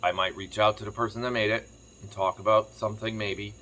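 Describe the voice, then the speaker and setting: Fast-talking man with a bright voice. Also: fairly low pitch, steady tone. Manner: rambling, fast-talking storyteller. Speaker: farm vlogger. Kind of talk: casual chat to camera. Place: home kitchen, sitting on the floor.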